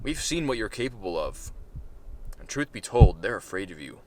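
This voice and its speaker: A man voicing a calm, formal male ambassador who speaks in a measured way. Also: on the low side, a little hiss or hum. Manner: formal and measured, growing fearful.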